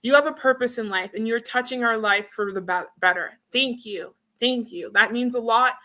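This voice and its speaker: A woman's voice: a little high, moderate pace, pushed and bright. A woman hosting a casual live stream from home, emotional and upbeat, talking straight to her viewers. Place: home, beside her router.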